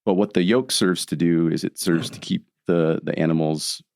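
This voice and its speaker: A man speaking as a podcast guest, explaining his thoughts in a reflective, unhurried way. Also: deep voice, steady tone, creaky, a little mellow. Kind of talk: casual podcast conversation.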